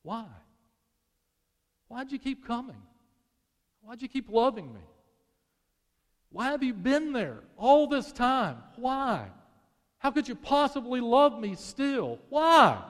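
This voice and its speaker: A man's voice: very high voice, fairly quick, few pauses, voice pushed up. A man voicing a guilt-ridden woman who believes she deserves punishment, pleading and anguished. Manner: pleading, anguished, rising to a cry. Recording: long reverb of a large hall.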